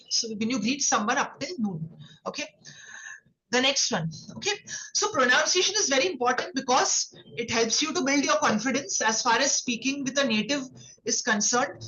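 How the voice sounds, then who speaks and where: High-voiced woman teaching over a dull call. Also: bright, forceful tone. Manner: explains patiently, with many "okay"s and tag questions. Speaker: French teacher. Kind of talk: online classroom instruction.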